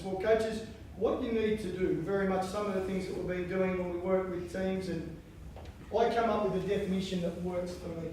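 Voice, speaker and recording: A man giving a lively conference keynote on coaching, chanting lines and acting out inner voices. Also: sits high, brisk, a little hiss or hum. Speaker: keynote speaker. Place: large conference hall. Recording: echoey hall from far off.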